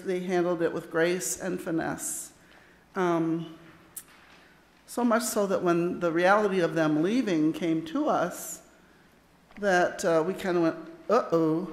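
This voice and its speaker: A woman's voice: lowish voice, slight background noise. A woman thanking camp volunteers at a church meeting, chatty and plainspoken. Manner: chatty, self-deprecating, plainspoken. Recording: echoey hall with long reverb.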